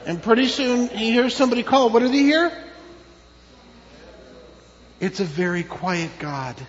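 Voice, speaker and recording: A man's voice: extremely high pitch, lively intonation, measured pace. A man, a pastor, giving a children's sermon in a church, telling a story with questions to the kids. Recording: dull with long church reverb.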